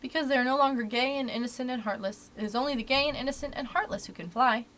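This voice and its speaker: A woman reading aloud, voicing a gentle, wistful grown-up mother in a storybook. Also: high-pitched, quick pace, a little hiss or hum. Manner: soft, wistful, tender.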